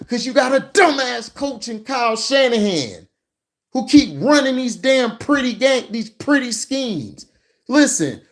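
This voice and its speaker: Man with a higher voice, slow deliberate delivery, fired-up profane football rant. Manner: heated, profane, mocking. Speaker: sports commentary vlogger. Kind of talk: ranting football reaction commentary.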